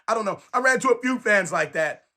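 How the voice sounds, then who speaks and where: A man's voice: sits high, brisk. A man from San Francisco, ranting casually and emphatically to camera as a sports fan, repeating his points. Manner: animated, emphatic, repeats phrases.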